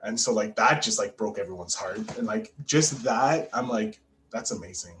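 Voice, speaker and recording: A man's voice: fairly low pitch, moderate pace, a little hiss or hum, poor audio. A man hosting a podcast interview, talking casually and eagerly with many fillers and restarts. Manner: chatty and animated, with frequent fillers and restarts. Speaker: podcast host.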